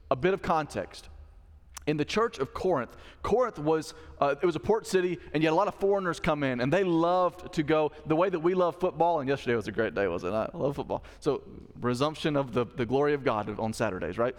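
A man's voice: a little high, animated, a little fast, long reverb tail. A male pastor preaching a sermon in a conversational style, with asides to the congregation. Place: church sanctuary.

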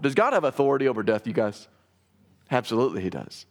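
A man preaching a sermon in an earnest, explanatory way, slowing down to give scripture readings weight. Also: medium pitch, big pitch swings. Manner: earnest, explanatory, reads scripture slowly with emphasis. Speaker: pastor. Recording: long reverb of a hall.

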